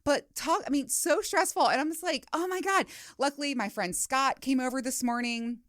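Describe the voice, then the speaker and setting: A woman's voice: high voice, normal speed, fairly bright tone, no room sound, clean studio sound. A middle-aged woman hosting a podcast, telling a story in casual, chatty talk with swearing and quoted asides. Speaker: podcast host. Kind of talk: casual solo podcast chat. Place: home studio.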